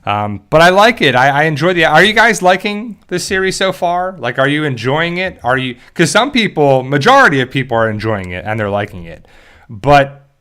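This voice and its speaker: A man's voice: a little high, animated, normal speed, pushed and bright, clean tone. A man from South Jersey in the US hosts a casual fan discussion, rambling with many fillers and restarts and talking straight to his viewers. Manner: addresses viewers directly. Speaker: YouTube show host.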